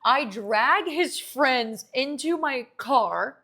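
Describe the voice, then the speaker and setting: Streamer, woman in her 20s, lively storyteller with a salty mouth and a slightly raised voice. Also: high voice, slow pace, few pauses. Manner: animated, profane storytelling. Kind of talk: casual chat.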